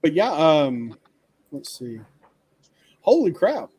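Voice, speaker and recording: A man's voice: on the high side, very animated, slow pace, darkish tone, slightly rough. A man hosting a livestream in casual chat, joking and laughing often. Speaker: livestream host.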